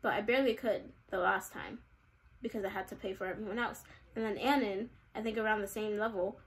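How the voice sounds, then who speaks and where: A woman's voice: medium pitch, fairly even intonation, fairly quick. A young woman vlogger giving casual, chatty commentary while playing a game, with giggly, exaggerated reactions. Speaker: gaming vlogger.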